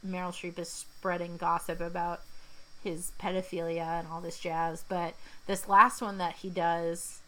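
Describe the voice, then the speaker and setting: A woman's voice: on the low side, flat delivery, unhurried, bright, forceful tone, rough recording. A young woman co-hosting a podcast, chatting casually as she recaps a film scene by scene. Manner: chatty, retells scenes in quoted voices. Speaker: podcast co-host. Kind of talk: casual movie recap chat.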